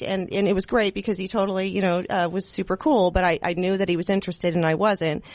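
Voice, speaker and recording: A woman's voice: medium pitch, no echo. Chatty giggly woman radio host. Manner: chatty, rambling, giggly and animated. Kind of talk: casual talk radio chat.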